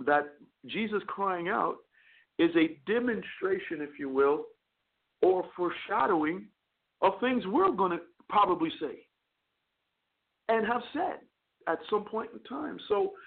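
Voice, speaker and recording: Male chaplain and radio host, earnest sermon, stumbling repeats, gravelly, phone-line sound. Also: high voice. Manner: earnest preaching with frequent stammered repeats. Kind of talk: preaching a sermon on a call-in radio show.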